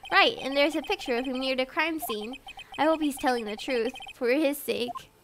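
A woman's voice: high voice, moderate pace, a bit bright, slight background noise. A young woman streaming a game, chatting in a bubbly, giggly way with her viewers. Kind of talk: casual live-stream chat while gaming.

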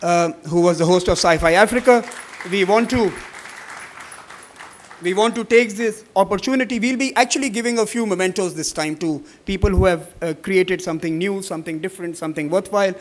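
A middle-aged man giving formal welcome remarks at a conference, measured, with many fillers when he speaks off the cuff. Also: sits high. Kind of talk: formal welcome speech, partly read, partly ad-libbed.

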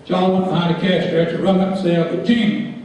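A man telling a folksy story to a live crowd, animated and laughing as he goes. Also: high voice, fast. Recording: echoey hall from far off.

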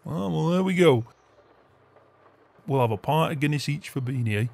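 A man voicing a gruff, beer-loving older farmer in game roleplay banter, swearing often and chuckling. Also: a little high, lively intonation, normal speed, a little mellow. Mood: jovial.

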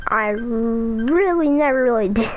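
A woman's voice: fairly high pitch, lively intonation, a little slow, a little hiss or hum, poor audio. A woman voicing an exasperated teenage son with an eye-rolling manner.

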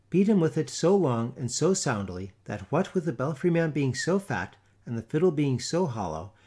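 A man reading a classic tale aloud in a theatrical, expressive storytelling manner. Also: mid-range voice, husky. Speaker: audiobook narrator. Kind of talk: scripted story narration.

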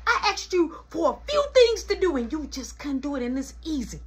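A woman voicing a stern mother scolding her teenage son with sarcastic, rapid-fire threats. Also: high voice, very animated.

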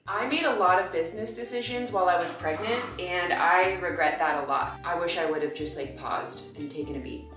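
A woman's voice: on the low side, animated, fairly quick, few pauses, a bit bright. A young adult woman vlogging at home, chatty and self-mocking, rambling with bubbly energy. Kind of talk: casual vlog monologue. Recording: echoey room with faint music.

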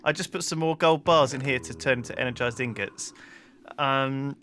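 A man's voice: medium pitch, normal speed, pushed and bright, a little hiss or hum. A man hosting a casual let's play, chatty and teasing as he talks through crafting steps. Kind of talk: casual gameplay commentary.

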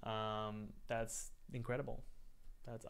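A man's voice: mid-range voice, fairly even intonation, takes it slowly, gravelly, a crowd in the background. A man hosting a live-stream Q&A, chatty and upbeat, calling his viewers guys. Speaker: game dev course host answering live chat.

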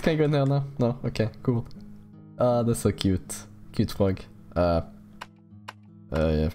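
A young man giving casual, jokey let's play commentary on a horror game, rambling and squealing up high when excited. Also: a little slow, pauses often. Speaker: gaming YouTuber. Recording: faint game music behind.

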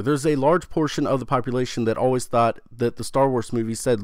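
Excitable, swearing young man on a dry mic. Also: mid-range voice, brisk, few pauses, clean tone, dry recording. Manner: excitable, swears freely, rambling and self-interrupting. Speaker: gaming channel host. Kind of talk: casual video commentary on a game storyline.

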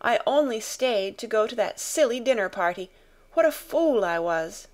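A woman reading a storybook voices a frightened young mother with high, breathless, pleading cries. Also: lively intonation, moderate pace, a little mellow, lightly acted. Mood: panicked.

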